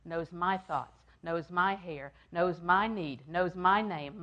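Older female preacher with a slightly low voice, repetitive and emphatic, dropping to a hush. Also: takes it slowly, muffled recording. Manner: repeats phrases for emphasis, swings from loud to hushed. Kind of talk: sermon.

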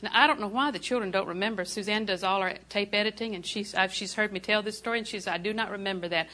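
A woman's voice: mid-range voice, fast, pushed and bright. An older woman preaching a sermon, telling folksy, humorous stories and laughing often.

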